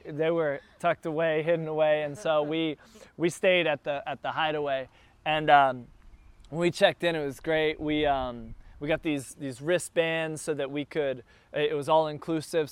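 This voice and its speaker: A man's voice: fairly high pitch, smooth, no room sound. Chatty man telling a travel story. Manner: chatty, grows more excited as the story builds.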